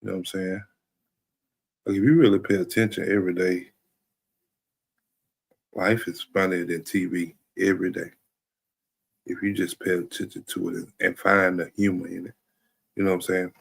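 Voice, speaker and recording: A man's voice: low-pitched, level tone, normal speed, vocal fry, pauses often, slightly rough. A man talking in a loose, rambling comedic monologue as a stream host, often checking in with "you know what I'm saying". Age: adult.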